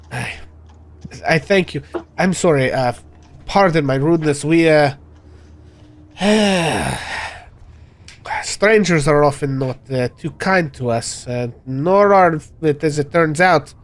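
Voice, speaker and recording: Man performing a blunt, suspicious village father with broken speech, raised pitch. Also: slow pace, pauses often. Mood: subdued. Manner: blunt, incredulous, drops small words.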